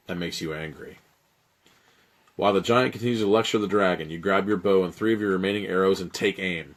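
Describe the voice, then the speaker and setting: A man running a live-streamed adventure as game master, narrating with lively asides. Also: fairly low pitch, moderate pace.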